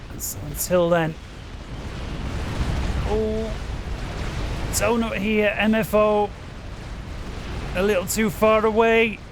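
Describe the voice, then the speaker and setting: A man commentating a strategy game match with rising excitement, urging the players on and bouncing in his chair at a desk microphone. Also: high voice, takes it slowly, pauses often, background noise.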